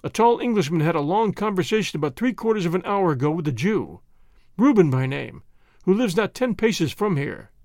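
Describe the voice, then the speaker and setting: A man's voice: high-pitched, very animated, brisk, a little mellow, no echo, clean studio sound. A man voicing a deferential male secretary who stammers and reports eagerly to his superior. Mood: reporting.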